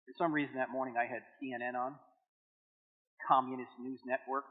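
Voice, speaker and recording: A man's voice: medium pitch, fairly quick. A man in his fifties giving a church seminar talk, telling stories with jokes and acting out dialogue. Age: 50s. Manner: animated storytelling with jokes and acted dialogue. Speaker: Christian apologetics speaker. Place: church hall with audience. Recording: echoey hall on a tinny phone-like line.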